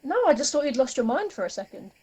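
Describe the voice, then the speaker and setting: A woman's voice: high voice, big pitch swings, quick pace, crowd noise, low-quality recording. Young woman with dry wit. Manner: dry, teasing banter. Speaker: podcast co-host. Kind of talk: casual podcast chat.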